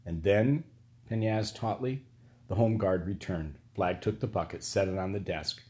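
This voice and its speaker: Male audiobook narrator, low voice, steady and even delivery. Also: moderate pace.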